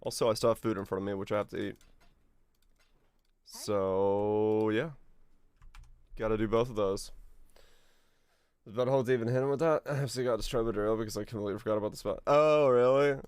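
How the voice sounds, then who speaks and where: A lowish, clear, resonant male voice, recorded with no room sound, moves fairly quickly but with frequent pauses. He streams a game in easygoing commentary, humming and chuckling to himself, his voice a bit off today.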